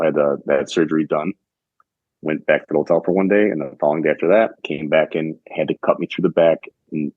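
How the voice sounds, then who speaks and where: A man's voice: a bass voice, darkish tone, husky, dry recording, highs cut off. A young man from Michigan, a podcast guest, earnestly recounting events step by step and quoting what others told him. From Michigan, United States. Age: young adult. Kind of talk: conversational storytelling.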